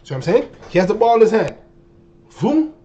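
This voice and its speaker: A man in his twenties telling a story to his viewers in a casual, animated way, full of slang and exaggeration. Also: high voice, very fast, lo-fi sound, slight background noise. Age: 20s. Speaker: streamer.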